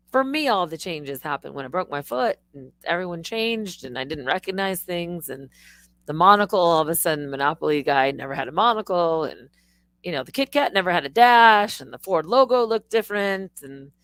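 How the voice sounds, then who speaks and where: A middle-aged woman rambles through a casual live-stream monologue, swearing and restarting her sentences as she goes. Her voice sits fairly low, and the close mic keeps the sound dry and near. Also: fairly bright tone, no room sound.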